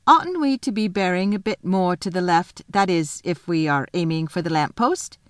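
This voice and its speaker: A woman's voice: fairly low pitch, normal speed, no echo, studio quality, close to an everyday voice. A woman voicing a spiteful sulky boy. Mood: tentative. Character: sulky spiteful young schoolboy.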